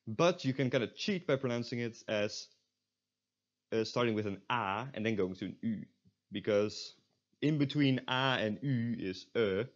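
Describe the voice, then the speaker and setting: A man's voice: medium pitch, dull audio. A man teaching a beginner's language lesson, patiently modelling sounds and repeating them, with wry asides. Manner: explanatory, repeats sounds slowly for learners, self-deprecating asides. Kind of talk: recorded online language lesson.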